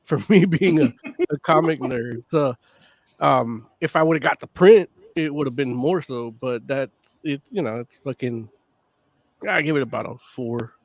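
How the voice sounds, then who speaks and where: A man co-hosting a casual podcast, talking in halting starts and swearing casually. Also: medium pitch. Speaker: podcast co-host. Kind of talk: casual chat.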